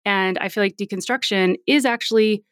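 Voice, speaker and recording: A woman's voice: mid-range voice, brisk, no echo, clean studio sound. A woman speaking as a podcast guest in a casual interview, earnest and at times dryly sarcastic.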